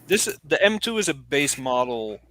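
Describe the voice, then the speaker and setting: A man on a casual tech podcast, playful and wisecracking, asking quick questions. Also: medium pitch, very animated, background noise.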